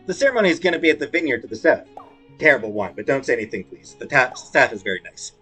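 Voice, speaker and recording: A fast-talking man with a medium-pitched, fairly bright voice and a breathy edge reads video game dialogue in character voices for a let's play. His intonation is lively, he slips jokey asides between the lines, and soft music sits in the background.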